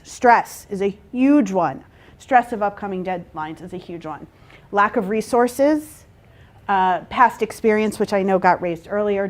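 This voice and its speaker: A woman facilitating a workshop, explaining to a group and checking in with "right?" and "okay?". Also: mid-range voice. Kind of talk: interactive workshop talk.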